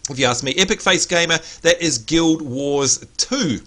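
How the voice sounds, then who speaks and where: A man hosting a casual gaming livestream, chatty and excitable, greeting viewers by name, his voice a little hoarse. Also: on the high side, normal speed. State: slightly hoarse. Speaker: livestream host.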